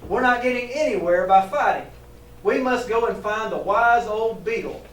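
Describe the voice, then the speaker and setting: A man's voice: high voice, moderate pace, close to an everyday voice. A man voicing a commanding male frog leader in a read-aloud picture book. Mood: urgent. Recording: echoey room, distant mic, faint ambience.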